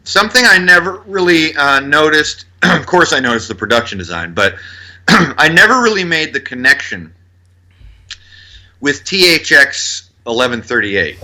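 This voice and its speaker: A man co-hosting a film podcast in casual chat. He is animated, laughs often and is quick to agree. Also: a little high. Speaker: podcast co-host.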